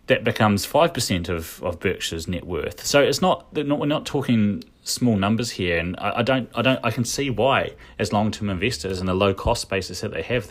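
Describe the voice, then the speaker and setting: A man's voice: fairly low pitch, a bit bright. A man giving casual spoken commentary, thinking aloud with frequent restarts and asides. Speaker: commentator recapping a shareholder meeting.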